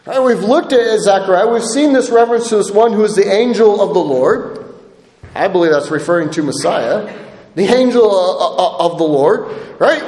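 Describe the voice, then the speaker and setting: A man's voice: sits high, animated, moderate pace, darkish tone. A man preaching a sermon, emphatic and checking in with the congregation by asking "right?" again and again. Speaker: pastor. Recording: echoey hall with long reverb.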